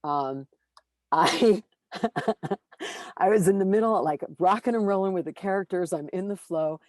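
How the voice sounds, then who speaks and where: A woman who narrates audiobooks, talking casually in an interview, animated and self-deprecating, with lots of fillers and restarts. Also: medium pitch, measured pace, dry recording.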